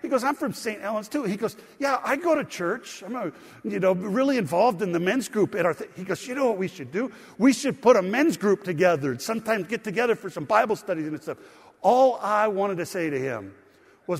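A male pastor with a fairly high voice delivers a sermon, moving from a chatty story to emphatic preaching. The sound rings with long reverb in a church hall. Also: animated, a little fast, breathy edge. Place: church sanctuary.

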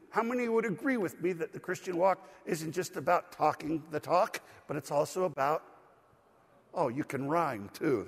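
Husky-voiced preacher in a reverberant church. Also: male voice, high-pitched. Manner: preaching with call-and-response to the congregation. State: recovering from a cold. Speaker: pastor. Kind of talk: sermon. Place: church sanctuary. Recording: long hall reverb.

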